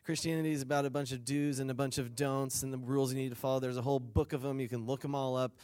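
Smooth and darkish in tone, this man's mid-range voice moves fast with little pitch movement as he addresses a weekend retreat. His sermon is conversational; he reads scripture, retells it casually while acting out the people in it, laughs along, and invites the crowd to say lines back.

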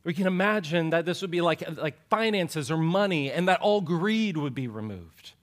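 Earnest man preaching, fairly high voice. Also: lively intonation, moderate pace. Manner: earnest, repeats words, drops low and soft for emphasis; playful asides with joking voices. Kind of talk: sermon.

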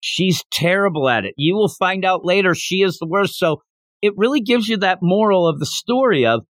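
Animated man recapping with laughs. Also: high voice, normal speed, no room sound, studio quality. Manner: animated, laughing, acts out quotes. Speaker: podcast host. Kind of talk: casual manga recap chat.

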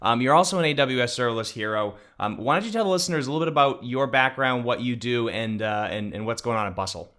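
A man's voice: mid-range voice, fast, few pauses, a bit bright. A man hosting a podcast, chatting informally with his guest and using lots of fillers. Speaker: podcast host. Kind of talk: casual interview chat.

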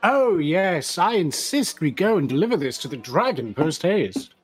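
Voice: medium pitch, very animated, normal speed, slightly rough. A tabletop game player who speaks theatrically and hesitantly, with many uhs. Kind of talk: casual tabletop game play.

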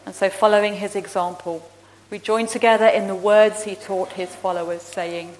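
A woman minister speaks in a measured, expressive way as she leads prayer and tells a Bible story. Her voice sits at a middle pitch for a woman. Her words ring out with a long reverb through a large church. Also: slight background noise. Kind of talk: sermon with prayer and children's story.

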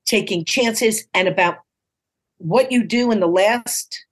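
With a mid-range voice and a slow delivery, this comedian in her sixties from New York City tells stories as a guest on a podcast. Her casual interview style is lively, encouraging and punchline-focused, and she often acts out quoted speech in playful voices.

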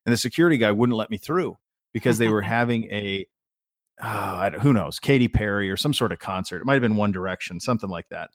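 A man's voice: fairly low pitch, quick pace, no room sound. Middle-aged man, podcast co-host, casual chat, rambling anecdotes, dry close sound. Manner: rambling storyteller with frequent restarts.

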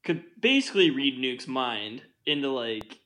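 Animated man rambling about a film. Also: mid-range voice, measured pace. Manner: rambling, lots of "like", laughs often. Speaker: podcast co-host. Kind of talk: casual film discussion.

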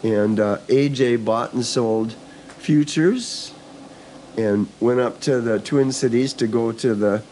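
Sitting in the back room of a country store, an older man who owns the shop and farms organically rambles through casual stories about his building, full of restarts and asides. He speaks slowly at medium pitch in a mellow voice, with slight hiss or hum on the recording.

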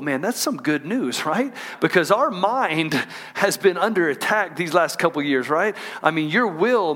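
A man preaching a sermon as pastor, reading scripture slowly and calling on the congregation to repeat after him. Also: a little high, a bit bright. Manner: call-and-response preaching, asks the congregation to repeat lines; drawn-out emphatic scripture reading. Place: church auditorium.

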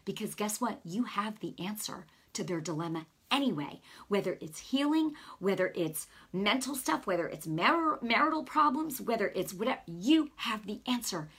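A woman's voice: medium pitch, animated, normal speed, hardly any pauses, a bit bright, breathy edge. A middle-aged woman giving an earnest, conversational sermon, telling a personal story with lots of casual asides. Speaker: preacher.

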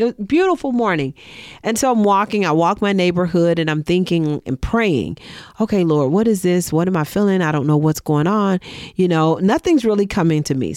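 Expressive middle-aged woman telling a story. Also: low voice, smooth, no echo, studio quality. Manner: expressive, acts out quoted dialogue. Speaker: business owner sharing a story. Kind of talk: personal storytelling monologue.

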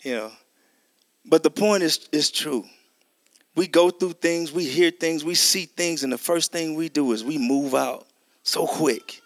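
A middle-aged man with a higher voice speaks a little slowly, animatedly telling a testimony story and acting out its dialogue. It's a sermon delivered conversationally to y'all, recorded at studio quality with no echo.

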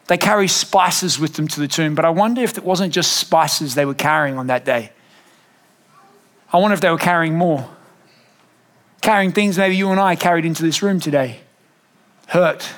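A man, a pastor telling a lively family story in a sermon and acting out the voices. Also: a little high, moderate pace, long pauses. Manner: animated, acts out family voices.

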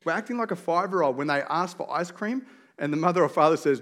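Man, pastor, sermon, earnest storytelling, slightly high voice. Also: expressive, fast. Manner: earnest storytelling, shifts to quiet prayer.

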